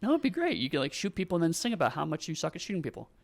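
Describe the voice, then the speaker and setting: A man's voice: on the high side, huge pitch swings, racing, gravelly. A man co-hosting a podcast, explaining plot points and joking sarcastically during a movie watch-along. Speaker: podcast co-host. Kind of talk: casual movie commentary chat. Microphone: podcast mic.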